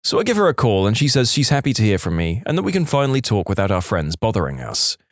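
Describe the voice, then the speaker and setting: Animated male story narrator, dry close mic. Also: on the low side, fast talker, no echo. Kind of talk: reading submitted stories aloud.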